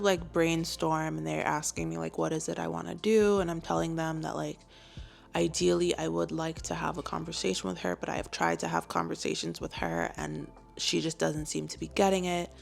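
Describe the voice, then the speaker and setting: Gravelly-voiced woman telling a story. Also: on the low side. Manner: chatty, lots of fillers, animated quoting. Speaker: clinical psychologist and YouTuber. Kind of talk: casual storytime.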